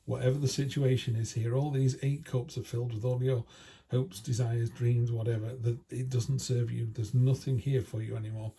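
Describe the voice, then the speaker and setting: A husky, warm-toned British man delivers a weekly tarot reading at a moderate pace, his medium pitch barely moving. He chats with viewers in a down-to-earth way, dropping in slangy remarks.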